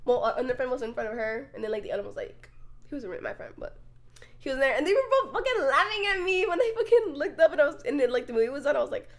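Young woman podcast co-host, high lively voice, casual swearing storyteller. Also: racing. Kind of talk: casual chat.

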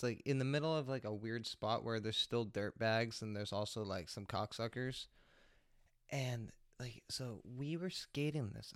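A man's voice: fairly low pitch, fairly bright tone, no room sound, clean studio sound. Rambling, foul-mouthed man on a podcast. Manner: rambling, heavy swearing, lots of filler words. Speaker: podcast host. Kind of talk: casual storytelling.

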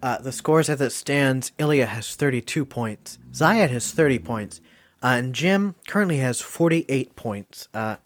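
A man hosting a casual podcast, animated, laughing often and swearing freely. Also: medium pitch, measured pace. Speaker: podcast host.

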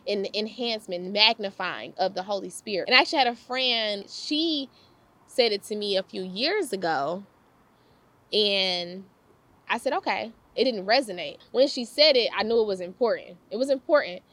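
A young woman giving a casual devotional talk, lively and slangy, laughing often and repeating her phrases for emphasis. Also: mid-range voice, moderate pace. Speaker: faith talk host.

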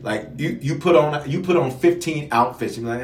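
A man, a bishop, preaching online about grief, listing symptoms one by one and acting out everyday scenes in a lively, conversational way. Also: fairly high pitch, normal speed, few pauses, reverberant. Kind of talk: online sermon teaching on grief.

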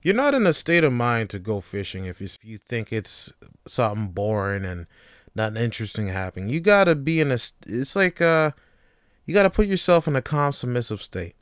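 A man's voice: medium pitch, sing-song, fairly quick, clear, resonant tone, no room sound, studio quality. A laid-back young man hosting a casual solo podcast, rambling freely with frequent swearing and laughs. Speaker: podcast host.

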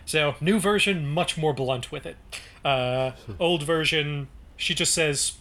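A man's voice: a little high, a little slow, pushed and bright. A man co-hosting a casual book podcast, reading passages aloud and breaking off to comment. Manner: reads narration then breaks off to comment, with chatty restarts.

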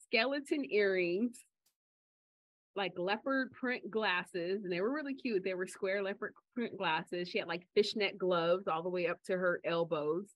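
A woman co-hosting a podcast in casual chat, telling stories in a chatty way and getting animated when she quotes people. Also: medium pitch, unhurried, no room sound. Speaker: podcast co-host. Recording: slightly dull lo-fi audio.

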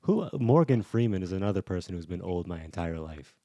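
Male co-host, deep dark gravelly voice, dry sound, casual chatter. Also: a little fast, dry recording. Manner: laughs often, relaxed and joking. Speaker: podcast co-host. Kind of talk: casual chat.

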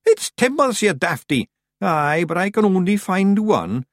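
A man's voice: high-pitched, big pitch swings, a little slow, dry recording, clean studio sound, voice pushed up. A man reading an audiobook, voicing tiny, rowdy, brash little fairy men. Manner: shouty, brash. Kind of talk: audiobook character voice.

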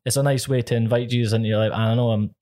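A Scottish man recounts a personal story on a podcast in a relaxed, chatty way. He sounds earnest and keeps breaking into light laughter between phrases. His voice sits at an ordinary middle pitch for a man. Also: very fast. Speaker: podcast co-host. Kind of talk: casual storytelling.

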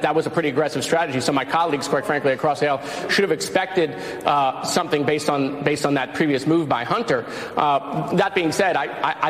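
A politician answering a reporter with hesitant, filler-heavy remarks. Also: male voice, on the high side. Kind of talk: press remarks. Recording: echoey hall clip.

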